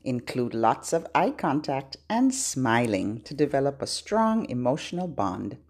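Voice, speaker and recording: A woman who works as a children's librarian, hosting a podcast and giving gentle tips to parents and babies in a slow, sing-song way. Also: extremely low pitch, big pitch swings.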